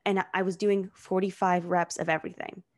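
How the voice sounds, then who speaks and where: A woman's voice: fairly low pitch, level tone, brisk. A young woman co-hosting a podcast, chatting casually and filling her sentences with "like". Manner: chatty, heavy use of "like" fillers. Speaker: podcast co-host. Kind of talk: casual chat.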